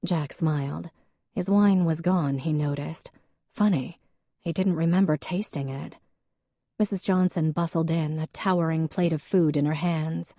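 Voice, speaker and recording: This scripted audiobook narration comes from a low-pitched woman who tells the story steadily and evenly. The sound is dry and of studio quality.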